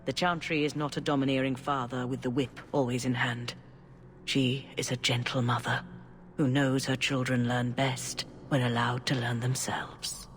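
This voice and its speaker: A woman voicing a serene older female church leader in a video game, with a calm, measured, sermonizing delivery. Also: very deep voice, slight background noise. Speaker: grand cleric.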